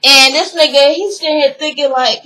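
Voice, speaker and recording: A young woman casually recapping a TV episode, retelling scenes with animated quotes and swearing freely. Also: high-pitched, normal speed, rough recording.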